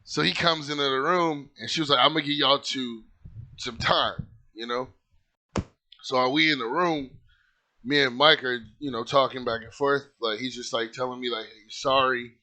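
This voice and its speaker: A man's voice: mid-range voice, fairly even intonation, normal speed, sharp tone. A man casually telling a personal story in a rambling, conversational way, full of "like" and "you know", earnest and heartfelt. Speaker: channel host telling his own story.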